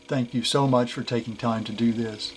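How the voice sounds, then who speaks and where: A man's voice: medium pitch, steady tone, normal speed, slight background noise. Folksy man chatting on a phone. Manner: folksy, rambling, self-joking. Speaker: host of a metal detecting show. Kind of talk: casual chat. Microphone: cell phone.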